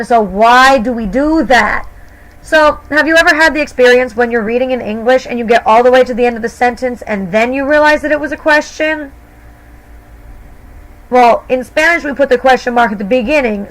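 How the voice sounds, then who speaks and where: A woman's voice: high voice, a little fast, fairly bright tone, low-quality recording. A woman teacher explaining grammar to her students patiently, step by step, in a recorded lesson. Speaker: Spanish teacher.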